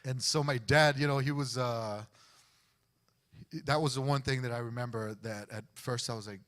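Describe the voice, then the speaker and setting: A man's voice: medium pitch, fairly even intonation, normal speed, fairly bright tone. Male guest, mid-range voice, conversational church testimony with re-enacted quotes. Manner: conversational, acts out other people's words. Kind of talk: personal storytelling on a church stage. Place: church sanctuary before a congregation.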